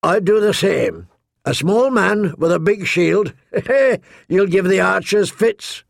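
A man reading as a blunt, mocking sellsword from a fantasy story. The voice is pitched up and gravelly, close and dry. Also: expressive, slow pace, dry recording, heavily acted. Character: cocky, mocking male sellsword.

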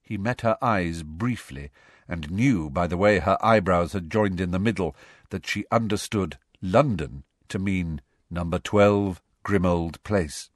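A man narrating a storybook in an expressive storytelling manner. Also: low-pitched, a little slow, no room sound, clean studio sound. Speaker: audiobook narrator. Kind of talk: scripted narration.

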